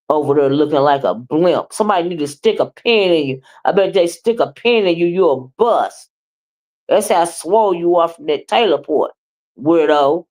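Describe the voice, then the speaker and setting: A woman's voice: deep voice, expressive, moderate pace, a little mellow. A woman hosting a casual livestream, scolding and sassy, with repeated "okay?" and "child.". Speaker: livestream host.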